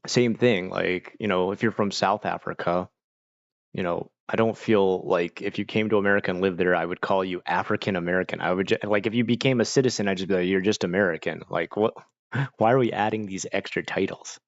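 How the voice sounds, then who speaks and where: On a casual livestream from home, a young man from Florida reads chat and reacts, using lots of fillers and getting animated when quoting people. His voice sits low and moves briskly. The recording is dry and lo-fi.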